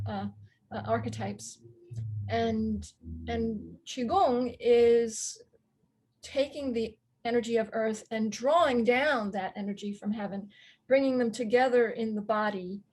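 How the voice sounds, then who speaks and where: Soft-laughing woman, reflective guest. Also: on the high side. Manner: thoughtful, with soft laughs and many ums. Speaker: guest astrologer. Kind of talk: reflective interview talk.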